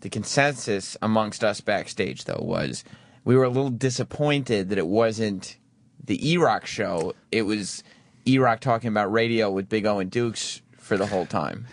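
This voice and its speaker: A man on a talk radio show, giving measured opinions and explaining points. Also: on the low side, expressive. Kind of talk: casual talk radio discussion.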